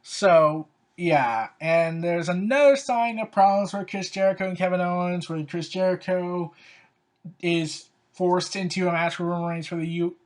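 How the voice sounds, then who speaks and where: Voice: mid-range voice, moderate pace. A fan commentator talks through wrestling storylines in a loose, unscripted way. The delivery is sarcastic and openly exasperated, and it leans on "so, yeah" and "like" as fillers. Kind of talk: casual opinion commentary.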